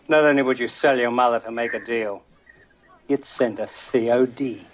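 A man's voice: slow pace, close to an everyday voice. An actor playing a proud wealthy businessman who makes cold, clipped threats in a film scene. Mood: menacing. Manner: clipped, menacing, low-key threats. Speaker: rival tycoon in a film scene.

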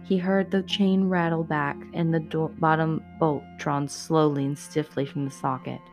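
A woman reading a horror story aloud in a steady, measured way, then chatting to her listeners. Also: low voice, faint music behind.

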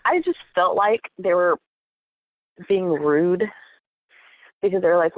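A young woman telling a personal story in a casual chat, animated and acting out what others said, with frequent laughs. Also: lowish voice, slow pace, pauses often, dry recording. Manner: animated, acts out quoted voices, laughs often. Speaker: guest. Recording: tinny phone-like audio.

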